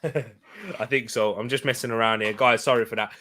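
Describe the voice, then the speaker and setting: A young man hosting a casual live football watch-along, chatting and rambling between quick bursts of excitement over the match. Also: medium pitch. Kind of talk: casual live-stream chat and match commentary.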